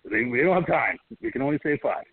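A man's voice: mid-range voice, expressive, fast talker, gravelly, slightly rough, dry recording. A man co-hosting a casual podcast, joking crudely and swearing heavily. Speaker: podcast co-host. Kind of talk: casual chat. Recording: dry, tinny phone-like sound.

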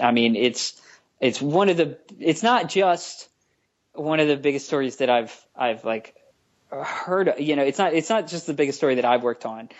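A man's voice: mid-range voice, lo-fi sound. A man, a comic book writer, talking as a guest in a casual podcast interview, stopping and restarting often and joking with dry sarcasm.

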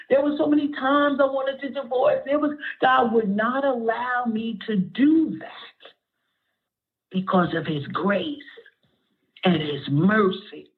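A middle-aged woman pastor preaches a passionate sermon, sometimes near tears, and calls on the congregation to respond. Her voice is fairly high and husky, and she takes her time. The audio sounds thin and tinny, like a phone.

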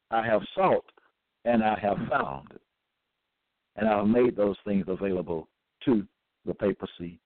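Slow, deliberate man on a tinny line. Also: mid-range voice, no room sound. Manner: deliberate, repetitive, halting. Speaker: self-styled religious teacher. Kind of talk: slow scripture reading with commentary. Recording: tinny phone-like dry recording.

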